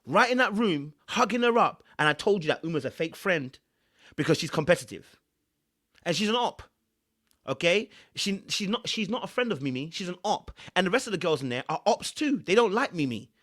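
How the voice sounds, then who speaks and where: Male relationship coach, reaction host, emphatic and preachy, voice sits a bit high. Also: sing-song, a little fast, a bit bright. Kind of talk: reaction commentary.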